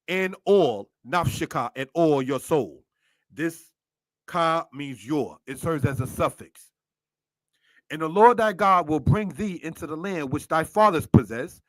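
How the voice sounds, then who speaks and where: A man's voice: a little high, no echo. A man teaching a scripture lesson in a preacherly way, walking through Hebrew words one at a time and asking his listeners rhetorical questions. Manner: preacherly, asks many rhetorical questions, addresses listeners as brothers and sisters; spells out Hebrew words line by line. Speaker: Torah teacher.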